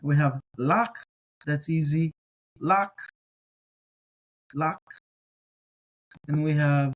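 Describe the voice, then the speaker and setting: A man teaching a relaxed, casual language lesson, carefully sounding out each word slowly and repeating it, with encouraging asides. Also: on the high side, rough recording. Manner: relaxed, encouraging, thinks aloud with fillers. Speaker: Hebrew teacher.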